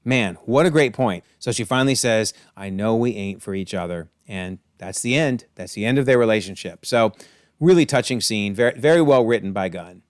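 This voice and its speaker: A man's voice: mid-range voice, lively intonation, fairly quick, no echo, studio quality. A man hosting a casual, enthusiastic episode breakdown, chatting through scenes and quoting lines. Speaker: video essay host.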